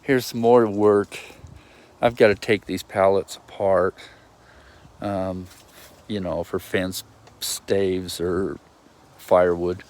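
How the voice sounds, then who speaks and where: Low, slow-talking man rambling outdoors. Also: little pitch movement, a little mellow. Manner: meandering, self-interrupting, lots of ums and restarts. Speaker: vlogger. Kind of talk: rambling outdoor video message. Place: outdoors in a yard.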